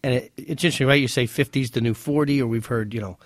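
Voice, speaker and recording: A man's voice: medium pitch, fast talker, dry recording. A man in his thirties with a mid-range voice talks through retirement planning on a financial talk show. The sound is dry and close. He explains things conversationally and keeps tossing in rhetorical questions. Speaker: financial advisor and show co-host. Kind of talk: casual radio-show talk.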